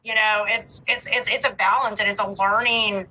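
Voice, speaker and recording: A woman in her forties, a podcast guest, talking casually and telling animated stories about motherhood. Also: mid-range voice, moderate pace, slight background noise, rough recording. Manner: animated storyteller, breaks into laughter. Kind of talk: casual conversation.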